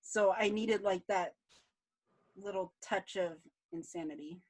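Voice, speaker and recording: A woman's voice: mid-range voice, a little slow, a little mellow. A woman writer in casual podcast chat, chatty and enthusiastic. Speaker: series writer.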